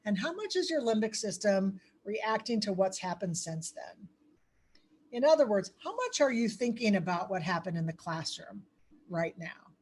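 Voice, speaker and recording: A woman giving a conversational crisis-training lecture, pausing often on ums and putting questions to her audience. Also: medium pitch, very animated, darkish tone, husky. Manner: asks the audience questions, many filler ums.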